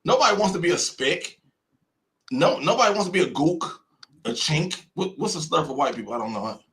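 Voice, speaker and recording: Hosting a live stream, this American man airs heated opinions, repeating himself for emphasis and acting out what others say. He is from the United States, and his slightly high, animated voice moves briskly with a somewhat bright quality.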